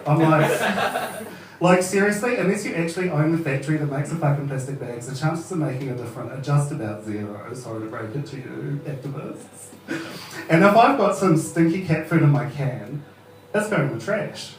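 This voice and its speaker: Heard from far off in an echoey room, a New Zealand-accented comic in his thirties works through a casual, profane open-mic set, laughing at his own jokes. His voice sits fairly high, with lively intonation at a normal speed.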